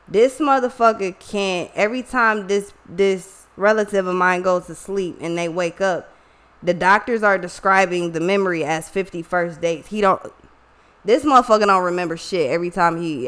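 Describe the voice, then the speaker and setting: Speaking straight to her viewers, this online reader and vlogger shares something personal with lots of swearing, slang, and emotion. She talks at a moderate pace in a voice on the low side with a slight brightness.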